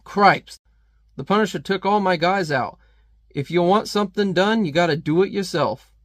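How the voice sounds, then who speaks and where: A man's voice: high-pitched, moderate pace, no room sound, voice pushed up, lightly acted. A man voicing a brash, frustrated male crook boss while reading a comic aloud. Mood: exasperated.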